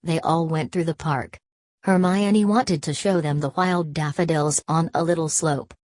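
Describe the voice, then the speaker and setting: Low-voiced woman reading a novel. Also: no room sound. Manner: steady, measured reading with quoted dialogue. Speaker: audiobook narrator. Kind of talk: scripted narration.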